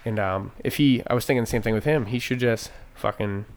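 A man's voice: medium pitch, fairly quick. A man on a podcast, chatty and full of fillers, out of breath from climbing stairs. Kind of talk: casual podcast chat.

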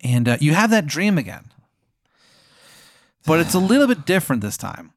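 A man's voice: on the high side, big pitch swings, no echo, studio quality. A man improvising a comedic hypothetical story, narrating what a listener does next in a casual, playful way. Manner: spins a hypothetical scenario, quick voices for other characters.

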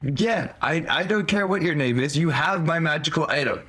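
A man's voice: a little high, lively intonation, normal speed, fairly bright tone. A man playing his character in a tabletop game, blunt and demanding in his questions. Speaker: player. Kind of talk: tabletop role-play.

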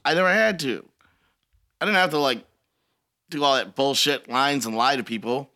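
A man's voice: medium pitch, normal speed, bright, forceful tone. A man hosting a podcast, trading profane, laughing stories in casual banter. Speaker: podcast host.

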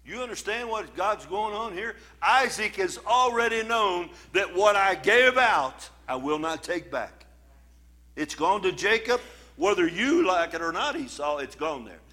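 High, bright-voiced male pastor preaching. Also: lively intonation, measured pace. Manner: preaching with scripture readings, emphatic and conversational. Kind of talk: sermon.

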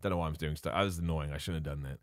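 A man hosting a solo podcast in a chatty, opinionated way, full of asides and quick self-corrections. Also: extremely low pitch, steady tone, dry recording, studio quality. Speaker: podcast host. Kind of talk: casual solo wrestling podcast.

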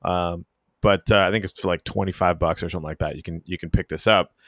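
Deep voiced canadian arctic guy rambling on a podcast, lots of ums, dry sound. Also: steady tone, fast talker, fairly bright tone, dry recording. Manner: rambling, many fillers and restarts. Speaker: podcast host. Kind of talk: casual podcast chat.

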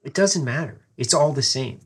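Man, podcast host, husky, easygoing casual chat. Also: mid-range voice, lively intonation, moderate pace. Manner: easygoing, chimes in with short agreements, profane.

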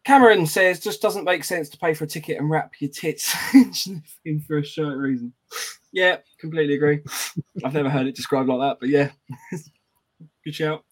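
A man's voice: fairly high pitch, normal speed. A British man co-hosting a casual podcast, reading out live chat comments and laughing often.

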